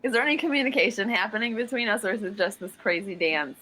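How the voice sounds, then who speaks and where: A woman talking as a player in a tabletop game, chatty and quick to giggle. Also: medium pitch, pushed and bright, poor audio. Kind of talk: casual tabletop play.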